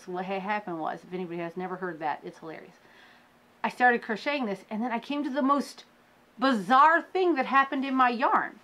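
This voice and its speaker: A woman hosting a crafting podcast, chatting casually with her viewers about her projects, laughing often and poking fun at her own slow progress. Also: high-pitched, fairly bright tone. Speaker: crochet podcast host. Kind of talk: casual show-and-tell chat.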